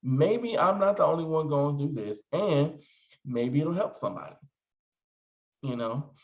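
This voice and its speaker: Man, 40s, expressive casual vlogger; roomy, slightly muffled recording. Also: on the high side, measured pace. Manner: chatty, expressive, calls viewers "honey". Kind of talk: casual chat to camera.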